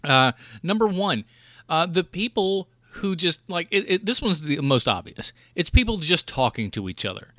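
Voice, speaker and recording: A man's voice: fairly high pitch, very animated, normal speed, sharp tone, dry recording, clean studio sound. A man hosting a podcast, ranting in a profane, fired-up way about rude moviegoers in casual chat. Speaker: podcast host.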